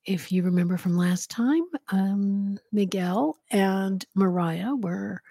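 A woman's voice: medium pitch, takes it slowly, creaky, mellow, slightly rough, no echo, clean studio sound. A woman hosting a podcast, reading a novel aloud in a casual way with giggly asides. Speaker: podcast host and reader.

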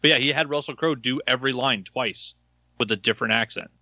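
A man's voice: mid-range voice, fast, pushed and bright, no echo, lo-fi sound. A man co-hosting a podcast, chatting casually and telling stories with enthusiasm. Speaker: podcast co-host. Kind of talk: casual chat.

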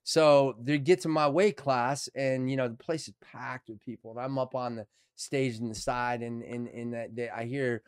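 A middle-aged man tells a story as a guest in relaxed conversation, acting out each quote and swearing freely. His voice is smooth and clear, recorded close and dry. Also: medium pitch, moderate pace, few pauses, no echo. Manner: animated, acts out quotes with swearing. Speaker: actor guest. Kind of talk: casual storytelling.

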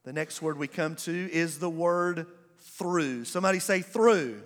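A man's voice: on the high side, measured pace, in a large hall. A male pastor preaching a sermon, calling for responses from the congregation and drawing out words for emphasis. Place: church sanctuary.

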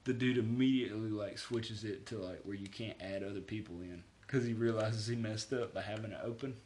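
A man's voice: on the low side, brisk, a little mellow, a little hiss or hum. A man in his twenties casually telling a story, often laughing as he reads out messages. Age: 20s. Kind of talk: casual chat.

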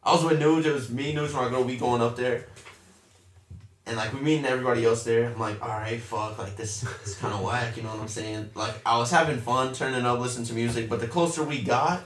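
A young man talks casually and curses freely, spinning an animated, slangy story with his friends. His voice sits mid-range. It comes through a roomy space, a little off the mic. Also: mid-range voice, a little fast. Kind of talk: casual chat. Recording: roomy echo, a bit far from the mic.

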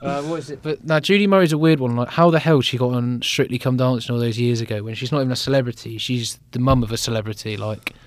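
A man's voice: mid-range voice, fast talker, hardly any pauses. A man co-hosting a casual sports podcast, blunt and opinionated, laughing easily.

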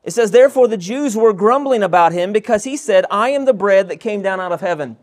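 A man's voice: high-pitched, animated, a little fast. A male pastor preaching an expository sermon, reading scripture verses aloud and asking the listeners rhetorical questions.

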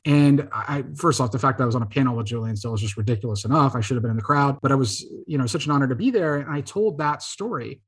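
Husky-voiced man telling stories. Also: medium pitch, quick pace, few pauses. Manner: lively anecdotal storytelling. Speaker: guest filmmaker. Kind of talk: casual podcast interview.

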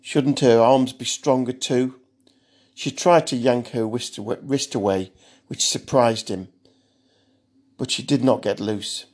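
A man narrating a thriller story in a measured, steady audiobook style. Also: medium pitch.

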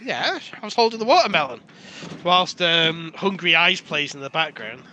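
A British man co-hosting a podcast, ranting and swearing in casual banter, quick to laugh. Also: a little high, very animated, pushed and bright, highs cut off, a little hiss or hum. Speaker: podcast co-host.

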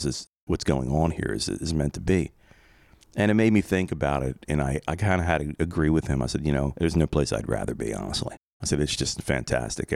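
A middle-aged man speaks in a very low register, recorded close and dry with almost no room sound. He talks casually and reflectively, like a podcast host telling a personal story. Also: creaky, darkish tone, dry recording. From Philadelphia area, USA. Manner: conversational, reflective, rambling asides.

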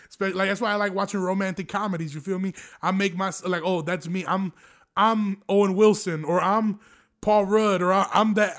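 A young man hosting a casual solo podcast, rambling through stories with heavy profanity and frequent laughs. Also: high voice. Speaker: podcast host.

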